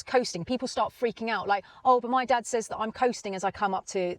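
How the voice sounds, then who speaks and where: A woman, a driving instructor explaining in a chatty, animated way, often checking in with "right?" and "yeah?". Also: on the low side, rough recording. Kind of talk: explanatory teaching talk.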